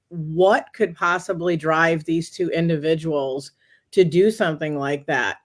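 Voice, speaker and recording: A woman, a guest on an interview show, telling a personal story in a casual, animated way, often quoting what she said to herself. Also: lowish voice. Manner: animated, talks through quoted inner dialogue.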